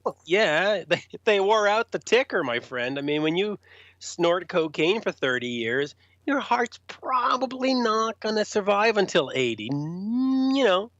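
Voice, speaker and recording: A man telling rock stories in an interview, animated, raising his voice to act out quotes. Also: high-pitched, a little slow, no room sound. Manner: animated, acts out quotes in a raised voice. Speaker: rock journalist guest. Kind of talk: storytelling interview. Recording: dull, lo-fi sound.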